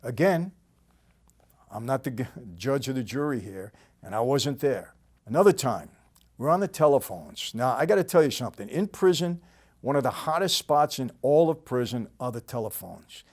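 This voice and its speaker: An older man with a New York accent telling a story in a casual, plain-spoken way, often trailing off quietly at the end of a sentence. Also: very animated, normal speed. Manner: conversational, plain-spoken, drops to a low murmur at line ends. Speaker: storytelling host.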